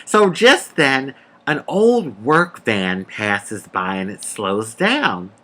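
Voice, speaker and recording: A woman telling a personal story in a casual, animated, sassy way, calling the listener honey and laughing between lines. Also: a bass voice, slow. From United States. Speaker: vlogger.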